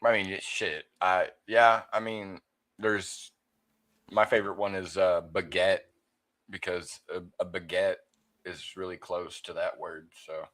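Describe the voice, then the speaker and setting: A man's voice: low voice, fairly even intonation, unhurried, fairly bright tone. A young man on a casual voice-call panel, rambling and laughing at his own jokes. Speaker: panel guest. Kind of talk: casual chat.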